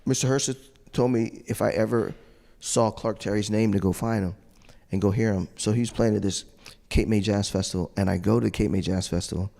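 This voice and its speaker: Lowish-voiced man telling a story in a hall. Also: vocal fry. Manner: animated storyteller, acts out quoted voices and laughs often. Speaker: trumpet player on a judges panel. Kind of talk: storytelling to an audience. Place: large hall. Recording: long reverb of a large hall.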